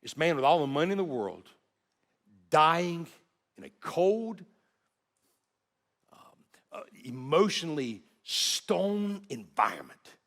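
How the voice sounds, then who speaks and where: A male pastor preaching, telling a personal story with earnest, halting repeats and hushed dips. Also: on the high side, very animated, long reverb tail. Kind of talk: sermon storytelling.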